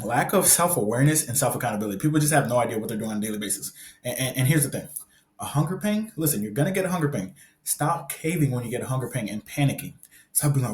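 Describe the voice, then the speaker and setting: Blunt, fast-talking male fitness coach. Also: mid-range voice, darkish tone, reverberant. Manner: blunt, profane, emphatic, repeats phrases. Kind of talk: blunt motivational monologue.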